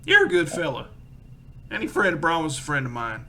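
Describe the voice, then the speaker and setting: A man doing a gruff folksy shopkeeper. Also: on the high side, wildly swooping pitch, a little fast, pushed and bright, pitched above the performer's own voice, exaggerated voice. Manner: folksy, rough-spoken. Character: gruff friendly male frontier shopkeeper.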